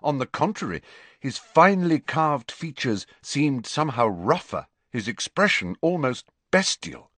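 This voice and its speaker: A man narrating an audiobook in slow, expressive storytelling. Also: mid-range voice, no room sound.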